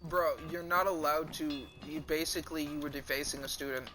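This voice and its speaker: A man's voice: on the high side, steady tone, brisk, pushed and bright, soft background music, poor audio. A man telling a rambling, profane story during a casual livestream, sounding exasperated. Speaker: streamer.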